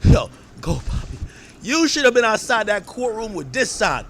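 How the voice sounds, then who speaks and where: High-voiced, rowdy male podcast host. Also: normal speed. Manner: animated, profane, at times shouting. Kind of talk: casual reaction commentary.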